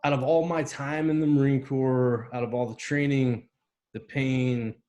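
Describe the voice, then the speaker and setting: A mid-pitched man, a veteran guest, recounts a personal memory in an interview. He tells it vividly and acts out the voices and sounds in it. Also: fairly even intonation, measured pace, warm tone, highs cut off. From United States. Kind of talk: emotional personal storytelling.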